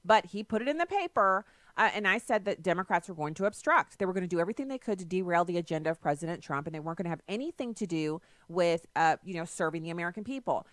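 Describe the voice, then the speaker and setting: A woman's voice: fairly low pitch, animated, fast talker, no echo. A woman hosting a political talk radio show, delivering a sarcastic, emphatic monologue into a studio microphone.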